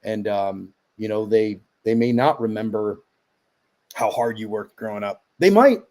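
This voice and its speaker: A middle-aged man, a guest on a podcast, chatting casually and telling animated, rambling stories. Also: fairly low pitch, unhurried.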